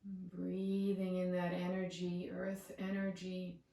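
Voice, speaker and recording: A woman yoga teacher leading a guided breathing meditation with slow, soothing cues. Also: fairly low pitch, monotone, creaky, dark tone, far from the mic. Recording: echoey room, away from the mic.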